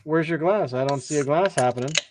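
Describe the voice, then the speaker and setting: A man hosting a casual livestream beer tasting, excitable and prone to stammering restarts. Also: fairly high pitch, a little fast, a little hiss or hum. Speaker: host of a beer review show.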